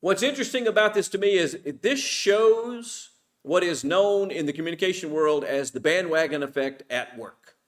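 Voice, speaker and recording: A man's voice: sits high, animated, normal speed. Middle-aged man teaching a Bible class. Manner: asks the class questions and answers them himself. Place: church.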